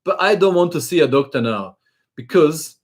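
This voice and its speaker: A man's voice: a little high, expressive, moderate pace. A man who is not a native English speaker hosts a chess live stream, reading viewer comments aloud with many fillers and small chuckles. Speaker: chess channel host.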